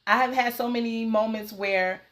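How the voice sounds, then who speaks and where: A woman hosting a podcast in casual conversation, relaxed, laughing easily and quoting her own thoughts. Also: a little high, moderate pace. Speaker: podcast host.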